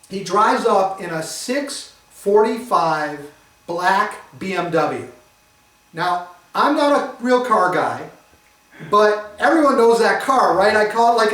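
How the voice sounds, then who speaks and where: A middle-aged man from Detroit, telling his own story to a live audience in an animated, self-mocking way. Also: sits high. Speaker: speaker giving a testimony. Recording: roomy echo, mic at a distance.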